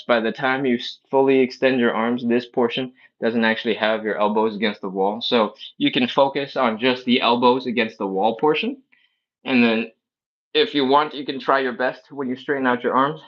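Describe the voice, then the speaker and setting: Joking male fitness instructor counting reps. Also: mid-range voice. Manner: breathless sighs between sets. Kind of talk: live guided stretching class. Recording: slightly dull lo-fi stream audio.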